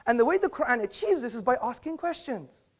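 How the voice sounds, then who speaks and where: A man's voice: very high voice, sing-song, fairly quick. Argumentative man giving a debate speech. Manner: argumentative, lecturing, rhetorical questions. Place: auditorium.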